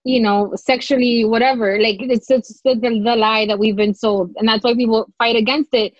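A woman's voice: on the high side, steady tone, normal speed, no echo, muffled recording. A woman chiming in frankly in casual chat.

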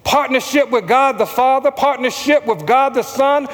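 A man's voice: very high voice, normal speed, big-room sound. A man preaching a sermon as pastor, calling out questions for the congregation to answer back. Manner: preaching with call-and-response to the congregation.

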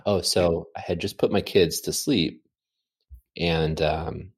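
A man chatting casually from home, telling an animated, rambling story full of fillers. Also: low-pitched, slow pace, slightly rough. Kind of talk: casual chat.

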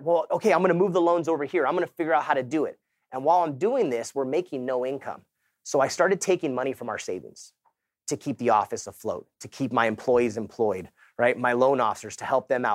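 Energetic man telling his story on stage. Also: medium pitch, no echo, studio quality. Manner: energetic, storytelling, addresses audience as guys. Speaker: conference speaker. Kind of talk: motivational keynote talk.

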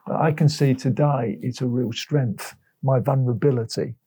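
A man's voice: mid-range voice, normal speed, breathy edge, dry recording. A man in his fifties from England, speaking candidly and emotionally as an interview guest, acting out past conversations as he tells his story. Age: 50s. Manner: emotional, open storytelling with lively retold dialogue.

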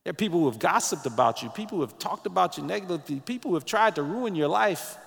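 A man preaching a sermon as pastor, animated, sometimes breaking into snatches of song, with his morning voice. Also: high-pitched, quick pace, vocal fry, long reverb tail.

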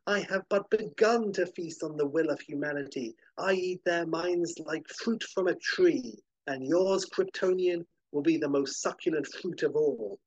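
A man's voice: a little high, a little slow, few pauses, dry recording, dull audio, voice pushed up. A man ranting as a pompous brain-domed villain. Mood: gloating. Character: grandiose male mad-scientist villain, brain in a dome.

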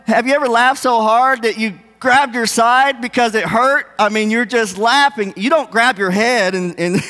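A man's voice: very high voice, pushed and bright. A man preaching a sermon in an earnest, conversational way, in a church sanctuary. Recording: long hall reverb.

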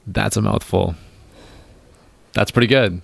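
A man hosting a podcast, chatting casually and teasing his guest in a deadpan, wisecracking way. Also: on the low side, measured pace, vocal fry, husky. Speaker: podcast host. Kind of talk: casual joking chat.

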